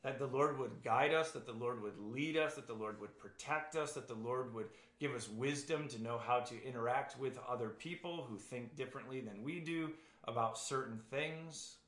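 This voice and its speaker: A man preaching a sermon, earnest and halting, with frequent restarts. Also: medium pitch, a bit bright. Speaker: pastor. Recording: echoey room.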